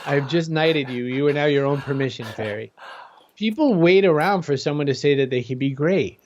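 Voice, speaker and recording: A man's voice: a little high, moderate pace, crowd noise. A man as a guest in an interview, talking energetically and conversationally. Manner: energetic, conversational, jumps into quoted voices. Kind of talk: motivational interview talk. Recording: dull lo-fi sound.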